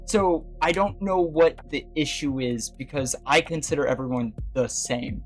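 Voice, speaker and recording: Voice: medium pitch, unhurried, faint music behind. A livestream host chatting casually with viewers, rambling with many fillers and restarts and laughing often. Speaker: livestream host talking to chat. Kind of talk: casual chat.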